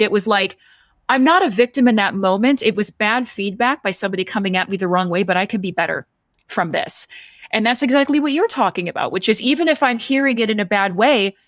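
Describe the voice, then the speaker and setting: Woman, podcast co-host; lively storyteller who acts out the dialogue; dry close mic. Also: medium pitch, fairly quick, no echo. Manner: animated, acts out quoted dialogue. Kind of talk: casual storytelling chat.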